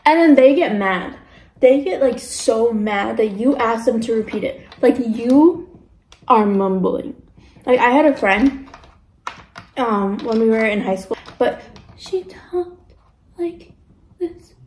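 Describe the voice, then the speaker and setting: A young woman vlogging casually as she eats, chatting in an animated way and acting out the voices in her stories. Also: on the high side, a little slow, a little hiss or hum. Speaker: mukbang vlogger. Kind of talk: casual chat while eating. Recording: echoey room.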